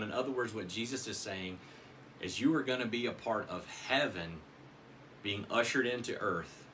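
Guy pastor giving a sermon, earnest, a bit dramatic, sharp tense tone. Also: lowish voice, slight background noise. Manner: earnest, dramatic scripture reading. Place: church.

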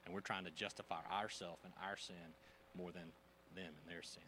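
A man preaching a sermon in a conversational, animated way, using casual slang. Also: sits low, moderate pace, background noise. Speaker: pastor.

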